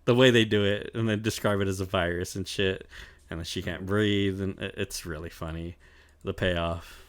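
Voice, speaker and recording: Relaxed lower-voiced male podcast co-host, swears and laughs freely, dry close sound. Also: moderate pace, no echo. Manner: loose and profane, laughs often, many fillers. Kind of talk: casual chat, recapping an anime.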